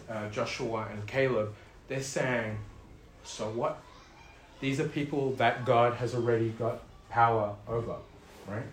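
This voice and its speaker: Male preacher, loose and animated, lots of fillers and restarts, roomy sound with faint background noise. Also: mid-range voice. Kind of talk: casual sermon.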